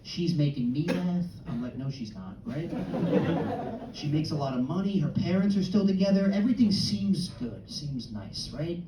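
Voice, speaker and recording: A man's voice: a little high, expressive, a little slow, noisy background. A man in his early thirties performing a brash, crude stand-up set in a comedy club, with punchy outbursts. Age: early 30s. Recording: roomy club sound from a distance with audience. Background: audience laughter and club ambience.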